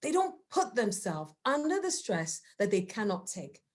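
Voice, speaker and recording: Animated, earnest woman giving a talk. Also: mid-range voice, normal speed. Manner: earnest, emphatic, rhetorical questions; acts out quoted voices of children and parents. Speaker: parenting workshop speaker. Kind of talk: presentation talk with slides.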